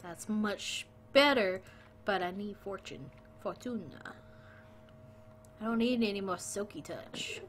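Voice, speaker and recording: A woman in the middle of a relaxed game stream, talking to her viewers in a playful, chatty way. Her voice sits at an ordinary middle pitch. A faint hiss hangs behind it. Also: takes it slowly. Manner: playful, chatty, greets viewers and jokes with them. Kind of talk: casual live-stream chat while gaming.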